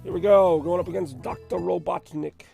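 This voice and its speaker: Hoarse, gravelly-voiced game-stream host. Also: male voice, sits high, steady tone, normal speed, dark tone. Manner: rambling, chatty, self-deprecating. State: hoarse from a sore throat. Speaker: host of a retro gaming stream. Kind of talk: casual live-stream commentary. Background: faint game music.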